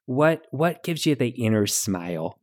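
A man's voice: mid-range voice, sing-song, a little slow, darkish tone. A man putting on a chatty Midwestern mom advice columnist with a Midwestern accent, giving rambling homey advice on a podcast. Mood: folksy. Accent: Midwestern American, put on. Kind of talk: podcast comedy bit.

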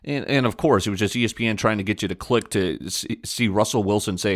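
A man's voice: on the low side, quick pace. A young man hosting a podcast, giving blunt, opinionated sports talk with frequent fillers. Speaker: podcast host. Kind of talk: casual sports talk monologue.

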